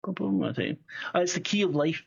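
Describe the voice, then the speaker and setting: A man's voice: high-pitched, expressive, fast talker, vocal fry, husky, dull audio. A man running a tabletop game as game master, rambling and swearing, full of fillers and restarts.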